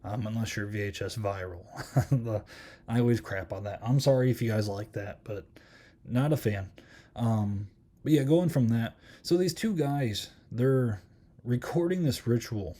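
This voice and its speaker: Mellow-voiced man rambling through a review. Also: medium pitch, a little slow. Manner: rambling, many ums and likes. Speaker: podcast host. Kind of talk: casual film review chat.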